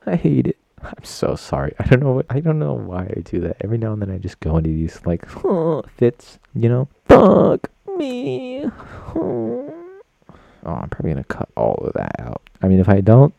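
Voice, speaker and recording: A man's voice: deep voice, creaky, warm tone, dry recording. A young man hosting a solo podcast, rambling in profane, self-mocking chatter. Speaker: podcast host.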